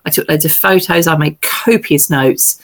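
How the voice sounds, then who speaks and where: A middle-aged woman from England, a novelist guest telling lively, self-deprecating stories in casual chat. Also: low voice, moderate pace.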